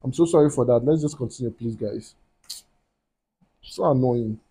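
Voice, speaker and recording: A man's voice: medium pitch, fast talker, dark tone, breathy edge. A young man from Nigeria hosting a reaction video, emotional and apologetic, repeating his words as he talks.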